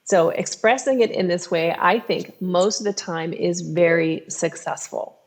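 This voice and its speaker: A woman sex therapist talking on a podcast, explaining advice in a calm, instructive way. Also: on the low side, a little slow.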